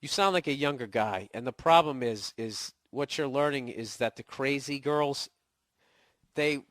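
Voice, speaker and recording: A man recovering from a cold answers a listener's email on his podcast, ranting casually and crudely for laughs, blunt and sarcastic. He speaks unhurriedly at a medium pitch with a slightly bright tone, in a dry, studio-quality recording.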